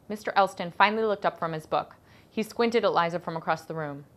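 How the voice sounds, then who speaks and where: A woman, the author, reading her children's novel aloud in an expressive storytelling voice. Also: lowish voice, a little fast. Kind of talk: audiobook-style narration of a children's novel.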